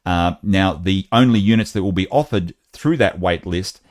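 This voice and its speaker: A man's voice: low-pitched, moderate pace, dry recording, studio quality. A man hosting a casual update video, chatty and talking straight to his viewers as guys. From Australia. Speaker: host.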